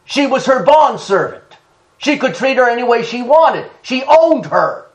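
A male pastor preaching an animated sermon, chuckling often and calling out to the congregation. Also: very high voice, unhurried. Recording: roomy church echo.

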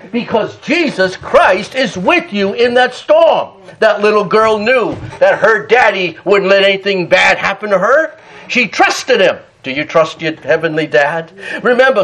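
Male pastor, sermon; emphatic, shouts often, very high voice. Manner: fervent, emphatic, breaks into shouts and laughter.

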